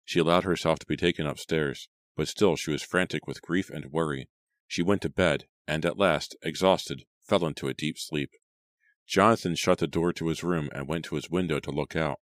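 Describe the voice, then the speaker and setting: A man reading a horror story aloud as an audiobook narrator, in a measured storytelling manner. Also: a bass voice, steady tone, no room sound, studio quality. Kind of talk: scripted narration.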